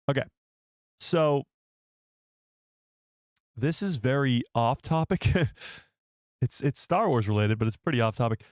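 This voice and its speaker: Brief: excitable male streamer, rambling casual chat with viewers, very dry close sound. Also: mid-range voice, a little slow, pauses often, no room sound. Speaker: live stream host.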